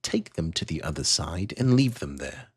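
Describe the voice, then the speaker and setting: A man voicing a brisk male overseer who gives curt orders. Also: extremely low pitch, sing-song, breathy edge, no echo, clean studio sound, heavily acted. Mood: commanding. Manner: curt commanding instructions. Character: brisk bossy male overseer handing out tasks.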